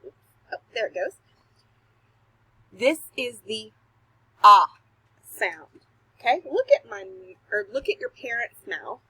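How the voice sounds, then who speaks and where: A woman teacher recording a phonics lesson for young children at home, sounding out letters slowly and patiently, laughing at her own slips. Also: a little high, big pitch swings, husky, no echo, rough recording. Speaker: kindergarten teacher. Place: home recording, not a classroom.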